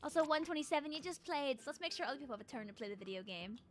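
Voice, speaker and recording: A woman's voice: sits high, lively intonation, very fast, slight background noise. A woman streaming a game, chatting playfully with her viewers and tossing in silly sound effects. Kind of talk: casual live-stream chat while gaming.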